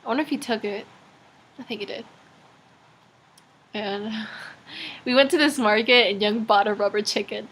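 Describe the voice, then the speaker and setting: A woman's voice: medium pitch, steady tone, moderate pace, long pauses, a bit bright. A teenage girl rambling through a casual video diary, chatty and full of fillers. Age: teens. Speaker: vlogger.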